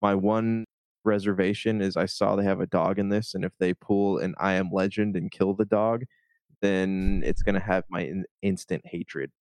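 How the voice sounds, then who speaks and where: A man co-hosting a casual movie discussion, hedging and thinking out loud as he talks. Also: low voice, steady tone, moderate pace, dry recording.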